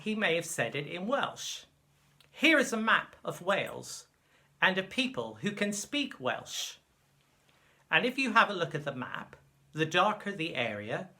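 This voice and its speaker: A man presenting a slow, clear school lesson video for children. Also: a little high. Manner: slow, clear, lively teaching voice. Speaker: teacher.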